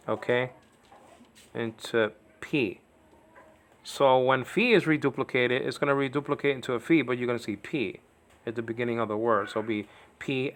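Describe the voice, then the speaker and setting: A man's voice: medium pitch, fairly bright tone, a little hiss or hum. A man teaching Greek letters at home in a casual, rambling way, often checking in with "okay?". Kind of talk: informal home video lesson.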